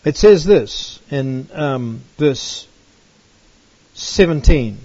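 Husky man teaching from scripture. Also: fairly high pitch, animated, drawn-out words, warm tone. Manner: emphatic, rhetorical questions, reads verses aloud. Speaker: preacher. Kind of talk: Bible teaching. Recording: dull dry lo-fi recording.

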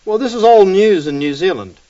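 A man's voice: high-pitched, expressive, a little fast, warm tone. A man preaching a sermon, telling stories casually and often dropping "man" and "you know.". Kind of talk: sermon with storytelling. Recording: dull, distant recording.

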